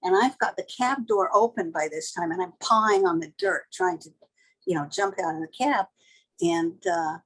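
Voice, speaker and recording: A woman's voice: mid-range voice, husky, rough recording. An older woman, a tattoo artist, telling a vivid story in a blunt, casual and sometimes profane way.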